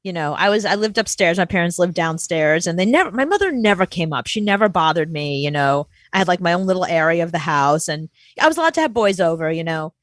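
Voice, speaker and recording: A woman's voice: lowish voice, animated, fast talker, few pauses, no echo, studio quality. A woman co-hosting a casual talk show, telling candid personal stories and laughing often. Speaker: co-host. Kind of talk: casual chat.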